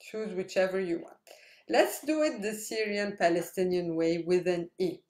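A woman's voice: on the low side, normal speed, darkish tone, reverberant. A woman teaching a language lesson, patiently spelling out letters and repeating each word. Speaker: Arabic teacher. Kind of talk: slow explanatory lesson.

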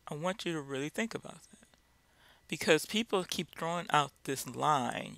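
A man's voice: on the high side, lively intonation, moderate pace, creaky, pushed and bright, no echo. A man giving an informal Bible lesson, speaking directly and driving his points home with repeated rhetorical questions. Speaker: Bible teacher.

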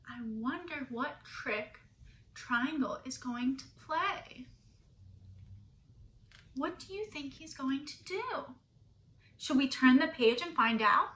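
A woman's voice: sits high, pushed and bright, reverberant. A woman teacher reading a picture book aloud to children, asking them questions and gasping for effect.

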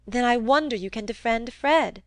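A woman's voice: on the high side, moderate pace, dry recording, voice pushed up, lightly acted. A woman reading the part of a prim, mild young woman who complains in a lifted, reproachful tone.

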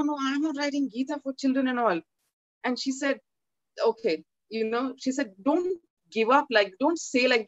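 A woman gives a talk as an author and tells stories by acting out the dialogue in lively quoted voices. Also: a little high, no room sound, lo-fi sound. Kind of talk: animated storytelling talk.

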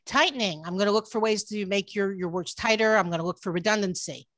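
A woman's voice: mid-range voice, fast talker, fairly bright tone, dry recording. A woman editor talks through her craft over a video call, earnest and full of restarts and "um"s. Her voice sits in a middle range and sounds close and dry, with no room around it. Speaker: book editor giving a talk. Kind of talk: online workshop presentation. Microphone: computer mic on a video call.

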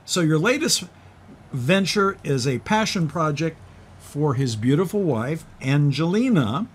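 An older man hosting a TV talk show, chatting casually and jokingly with a guest, with a slightly husky voice and big swings when he tells a story. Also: a little slow, slight background noise. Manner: animated, jokey, big pitch swings when telling stories. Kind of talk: casual TV interview chat. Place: TV studio.

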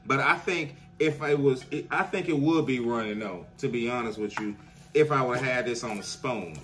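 A man's voice: medium pitch, fairly bright tone. A man, a chef, chatting his way through a casual food review at home and constantly addressing viewers as "y'all.". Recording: voice a bit far from the mic.

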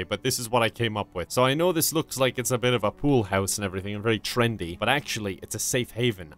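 A man's voice: medium pitch, fairly bright tone. A young man with an Irish accent giving playful, sarcastic commentary over a life-sim game, laughing often and breaking into sudden yelps. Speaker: gaming YouTuber. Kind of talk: gameplay commentary.

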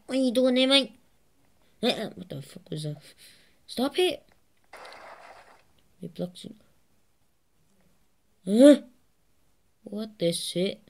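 Her fairly high voice carries energetic let's-play commentary for her gaming channel, packed with constant profanity and laughter at herself.

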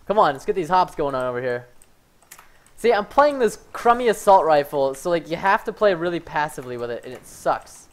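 A man streams his gameplay and talks over it live. His voice is lively and swings between low asides and sudden yelps. He gets hyped and shouts, but keeps his cursing clean with "fudge.". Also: fast. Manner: excitable, yells when hyped, says "fudge" instead of swearing. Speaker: gaming streamer.

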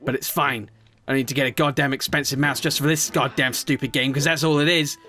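A young man giving gameplay commentary as a YouTuber, muttering low rants, then swearing and shouting in bursts. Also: fairly even intonation, a little fast, soft background music. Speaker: gaming YouTuber.

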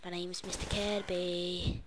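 A young man doing a slow, menacing bald teacher. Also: sits high, flat delivery, noisy background. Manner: slow, quiet, menacing threats, half whispered. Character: scary bald male schoolteacher, bullying. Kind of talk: gaming commentary impression.

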